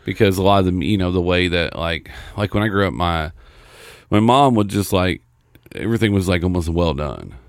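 A man in a casual podcast chat, rambling and halting as he restarts his sentences, on a studio mic. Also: deep voice, dry recording.

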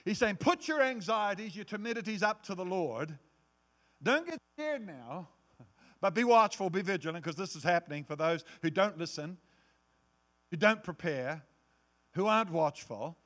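A man preaching from the pulpit with a high voice that leaps up and down. He acts out quotes with dramatic swings, sometimes dropping to a soft hush to make a point. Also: lively intonation, normal speed. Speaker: pastor. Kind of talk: sermon.

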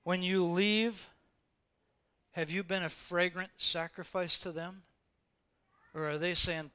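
A man's voice: sits high, unhurried, long pauses, sharp tone, clear, resonant tone. A man preaching a sermon in a conversational way, repeating phrases for emphasis and acting out quoted voices. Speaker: pastor.

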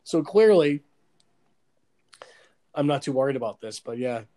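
A man in his 40s speaks a little slowly at medium pitch while swapping casual podcast stories. He swears freely and laughs at his own jokes as an animated storyteller, and the recording is low-quality.

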